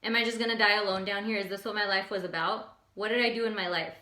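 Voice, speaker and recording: A woman voicing a male frog trapped at the bottom of a deep hole, talking to himself in an echoey room. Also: fairly even intonation, fast talker, pushed and bright, natural voice. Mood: despairing. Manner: storytelling, pleading then resolute.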